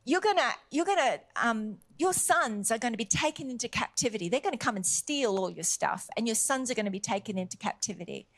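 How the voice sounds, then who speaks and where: A woman preacher voicing an old prophet who bluntly delivers warnings in a slightly lower, matter-of-fact tone. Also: lively intonation, a little fast, hardly any pauses. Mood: scolding.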